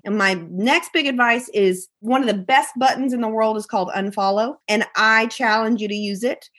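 A woman's voice: fairly high pitch, a bit bright. A woman podcast guest giving candid, emphatic advice and acting out what her friends said. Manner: emphatic, repeats phrases, acts out friends' voices.

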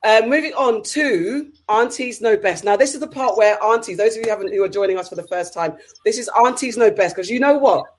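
Upbeat woman co-hosting a chat show. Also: mid-range voice. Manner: brisk, upbeat, reads viewer comments aloud. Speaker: podcast co-host. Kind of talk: casual chat, reading out comments.

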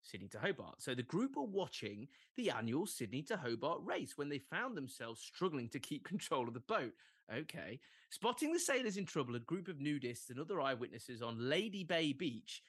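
Animated English man, lively podcast chat. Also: fairly high pitch, normal speed, husky, no echo. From England. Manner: animated, jokey, fond of asides. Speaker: podcast co-host. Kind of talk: casual chat.

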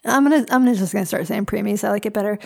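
A woman's voice: mid-range voice, rapid-fire, gravelly. Female podcast co-host, mid-range voice, dry, joking delivery, right up on the mic. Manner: wry, blunt, joking. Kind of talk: casual chat. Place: a different room than usual. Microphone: very close to the mic.

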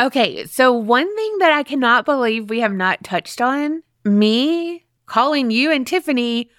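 A woman co-hosting a casual podcast in a bright, sharp voice that sits fairly high and moves a lot in pitch. She teases her co-host and laughs often. Her voice is dry and close. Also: animated, measured pace, clean tone, dry recording. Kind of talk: casual chat.

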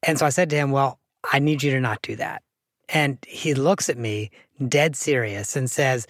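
A man hosting a podcast interview, affirming his guest and telling animated stories from his own work. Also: mid-range voice, moderate pace, no room sound, studio quality. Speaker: podcast host. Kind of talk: casual interview conversation.

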